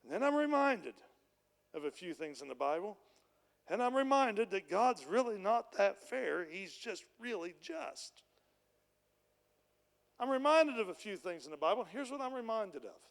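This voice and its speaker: Male pastor, sermon, high voice, casual storytelling, long church reverb. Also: big pitch swings, moderate pace, creaky. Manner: retells a parable in plain storytelling with everyday speech.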